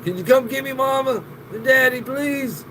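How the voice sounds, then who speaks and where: A man's voice: very high-pitched, normal speed, a bit bright, slight background noise, voice pushed up, low-quality recording. A man putting on the voice of a homesick stranded alien phoning his dad, crude and pleading. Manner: crude, swearing, whiny pleading.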